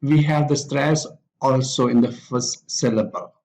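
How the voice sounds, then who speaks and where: A man teaching an English pronunciation lesson, reading out example words one by one with pauses between them. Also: medium pitch, a little mellow, rough recording. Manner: deliberate, pausing after each example word. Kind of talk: slow spoken lesson reading word lists.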